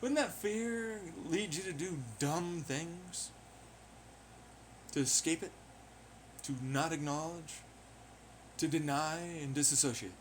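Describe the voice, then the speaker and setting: A man's voice: on the high side, takes it slowly, long pauses, slight background noise. A man rambling in a profane monologue, firing off rhetorical questions. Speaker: vlogger.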